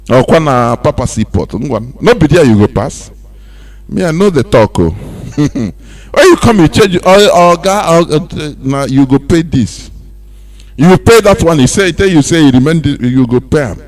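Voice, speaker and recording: A Nigerian man giving animated radio commentary, laughing often and slipping into Pidgin. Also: high voice. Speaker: radio presenter.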